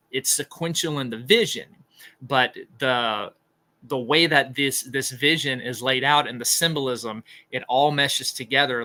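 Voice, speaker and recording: A man's voice: medium pitch, sharp tone. A man hosting a podcast, giving an informal Bible study in an earnest, explanatory way and thinking aloud as he goes. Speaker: podcast host teaching scripture.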